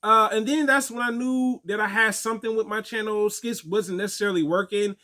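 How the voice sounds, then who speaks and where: A young man telling stories and answering viewer questions in a casual, animated way, laughing often. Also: high-pitched, fairly quick. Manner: animated storytelling, laughs often, acts out quotes. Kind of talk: casual chat.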